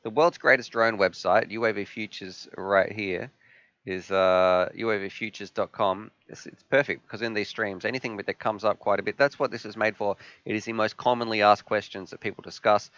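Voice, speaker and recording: A man's voice: fairly low pitch, steady tone, moderate pace, a bit bright, no room sound, lo-fi sound. A man with an Australian accent hosting a live stream Q&A, upbeat as he reads viewer questions aloud and answers them. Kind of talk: live stream Q&A, casual chat.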